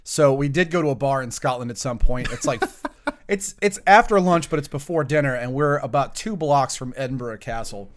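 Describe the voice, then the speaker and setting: A man's voice: medium pitch, normal speed. A man who is a recurring guest on a podcast, chatting casually in a wry way and stepping in to correct details. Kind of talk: casual chat.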